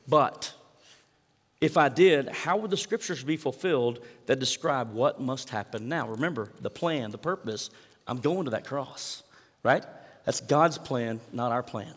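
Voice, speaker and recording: A man preaching a sermon, retelling scripture in lively storytelling and acting out the quoted lines with rising intensity. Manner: animated storytelling, acts out quoted lines with rising pitch and volume. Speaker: pastor. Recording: hall reverb.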